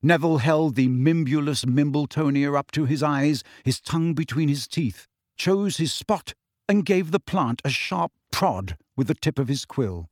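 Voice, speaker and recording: A man reading a fantasy novel aloud in a steady, expressive storytelling manner. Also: on the high side, moderate pace, no echo, studio quality. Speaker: audiobook narrator. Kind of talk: scripted fantasy novel narration.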